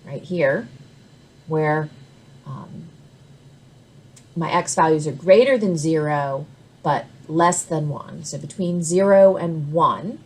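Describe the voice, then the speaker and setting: A woman's voice: deep voice, slow, long pauses, breathy edge. A woman recording a math lesson, explaining step by step with patient "all right?" check-ins. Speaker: math instructor.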